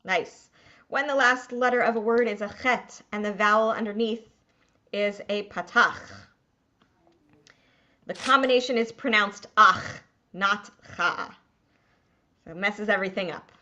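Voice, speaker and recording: A woman's voice: mid-range voice, normal speed, pushed and bright, lo-fi sound. A woman rabbi teaching a small class to read Hebrew, patient and encouraging.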